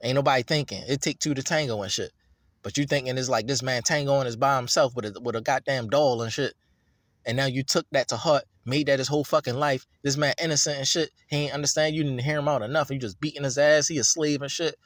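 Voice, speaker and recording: A man's voice: medium pitch, steady tone, quick pace, no room sound, studio quality. A man reading scripture and breaking into an emphatic, profane, repetitive rant about it. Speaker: scripture reader and commentator.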